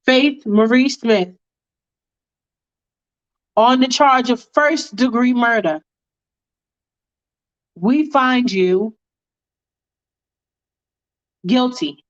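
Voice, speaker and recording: A woman voicing a jury foreperson reading a verdict slowly and formally. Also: a little high. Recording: dull lo-fi recording.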